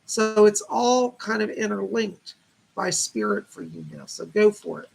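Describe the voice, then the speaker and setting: A man's voice: high-pitched, very animated, unhurried, vocal fry, slight background noise. A man hosting a live stream, giving psychic readings in a chatty, reassuring way and passing on messages from spirits. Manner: chatty, relays spirit messages and reads viewer questions aloud. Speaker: psychic medium host.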